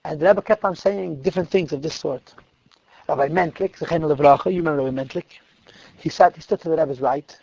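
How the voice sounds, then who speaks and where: A man, a rabbi, telling stories in a lecture, lively in the telling and dropping to quiet asides. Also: fairly high pitch, fast, gravelly, breathy edge, lo-fi sound. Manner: animated retelling that drops to quiet asides. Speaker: rabbi teaching a class. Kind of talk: storytelling lecture.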